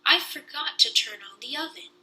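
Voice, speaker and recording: A woman's voice: sits high, animated, normal speed, sharp tone, voice pushed up, exaggerated voice, low-quality recording. Woman doing a flustered mother. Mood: hurried.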